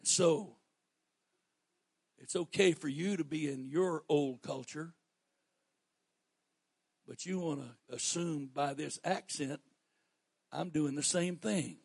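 Pastor, male, Southern accent; high gravelly voice, dry close sound, dynamic preaching delivery. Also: animated, measured pace, long pauses, dry recording. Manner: preaching, swinging from quiet asides to shouted emphasis. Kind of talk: sermon.

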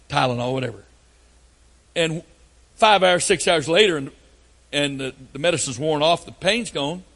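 Folksy older preacher, storytelling sermon. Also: male voice, fairly high pitch. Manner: folksy storytelling with sudden loud outbursts. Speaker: pastor.

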